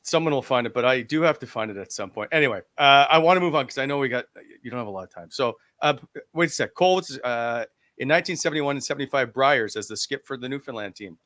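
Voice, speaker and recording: Brief: male sports podcast host, medium pitch, direct, dry recording. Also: expressive, quick pace, hardly any pauses, a bit bright, no echo. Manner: direct, steers the conversation. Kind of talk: casual podcast hosting.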